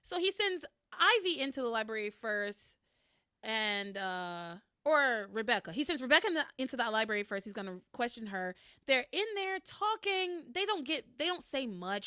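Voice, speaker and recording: A woman hosts a casual podcast chat, her fairly high voice swinging widely in pitch as she recaps. She laughs often and swears casually. The sound is dry and close, with no room echo. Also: expressive, normal speed, sharp tone, clean tone. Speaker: podcast host recapping a soap opera.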